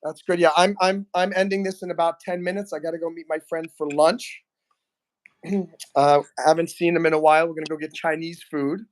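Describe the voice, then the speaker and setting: Live stream host, man, slightly high pitch, chatty, reads the chat, clears his throat often. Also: level tone, a little fast.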